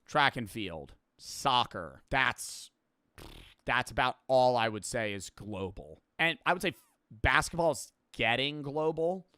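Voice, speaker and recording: A man's voice: medium pitch, expressive, takes it slowly, pushed and bright, clean tone, dry recording. A man streaming and reacting to a video in casual, profane, rambling talk with lots of fillers.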